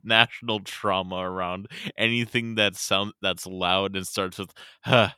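A man's voice: low voice, steady tone, unhurried, bright, forceful tone, smooth, no echo, clean studio sound. A man co-hosting a podcast in casual chat, laughing often and trying out joke accents. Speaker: podcast co-host.

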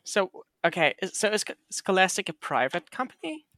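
Teasing podcast co-host, lively pitch. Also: brisk, dry recording. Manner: teasing, mock-indignant banter. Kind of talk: casual chat.

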